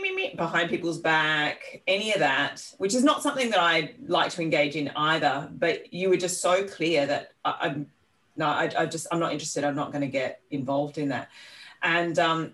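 A woman co-hosting a podcast, with an Australian accent, who rambles through long, appreciative remarks and interrupts herself. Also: sits low. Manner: rambling, warm praise with laughs and self-interruptions. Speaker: podcast co-host. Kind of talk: casual interview conversation. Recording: slightly distant mic.

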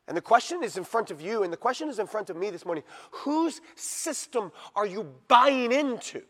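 High-voiced man preaching in a reverberant hall. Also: sing-song, moderate pace. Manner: dramatic swings from hushed to shouted. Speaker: pastor. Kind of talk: sermon.

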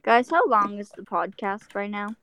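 A young woman co-hosting a casual podcast with friends, lively and quick to push back. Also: medium pitch, noisy background. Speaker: podcast co-host. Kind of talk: casual chat among friends.

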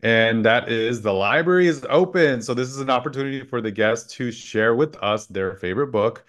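A man hosting a podcast, talking loudly and playfully in casual chat. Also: mid-range voice, normal speed, a little hiss or hum. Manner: upbeat, loud and playful. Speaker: podcast host.

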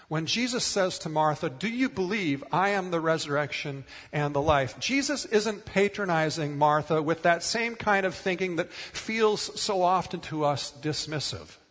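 A man's voice: on the high side, a bit bright, breathy edge, big-room sound. A middle-aged man preaching a sermon as pastor, earnest and emphatic, repeating words for stress.

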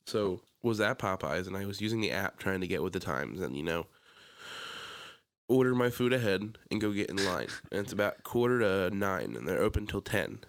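A man's voice: low-pitched, moderate pace. A young man with a Philadelphia-area American accent, chatting casually on a podcast and acting out his stories with lots of swearing. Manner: animated storytelling, swears a lot, acts out quotes loudly. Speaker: podcast co-host. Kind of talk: casual chat.

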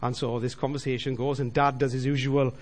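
A man's voice: medium pitch, level tone, a little fast. A middle-aged man giving a personal faith testimony, telling his story earnestly and appealing directly to his listeners. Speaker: Christian businessman giving testimony.

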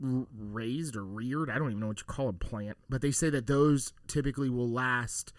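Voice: mid-range voice, moderate pace, no room sound, clean studio sound. A podcast co-host in casual chat, joking, laughing often and sharing trivia.

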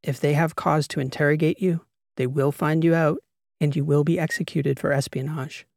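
A calm, businesslike woman who runs covert operations speaks in a measured, matter-of-fact tone, as a male audiobook narrator puts her on. The voice sits a touch high and carries a gravelly edge. The recording is close and dry. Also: no echo. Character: composed female spy handler, calm and businesslike. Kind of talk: audiobook character voice.

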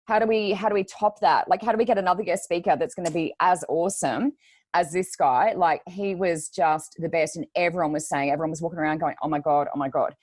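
Lively woman, low voice. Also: fast, breathy edge, dry recording. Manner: animated storyteller who acts out quotes. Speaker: podcast co-host. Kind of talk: casual podcast chat.

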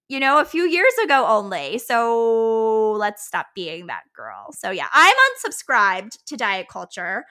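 A woman's voice: mid-range voice, expressive, normal speed, few pauses, sharp tone. A woman co-hosting a podcast as a dietitian, chatting casually with lots of filler words. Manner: chatty, many filler likes, laughs often.

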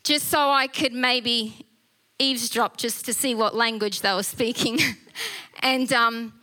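Middle-aged woman, high bright voice, chatty storyteller who laughs a lot and restarts often. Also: unhurried. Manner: animated, laughs often, many fillers and restarts. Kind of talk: casual storytelling testimony.

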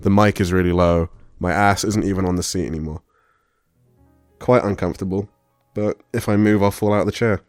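A man with a low voice trading wry, deadpan jokes in casual podcast banter. His voice is dry and close to the mic. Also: fairly quick, no echo, soft background music. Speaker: podcast co-host.

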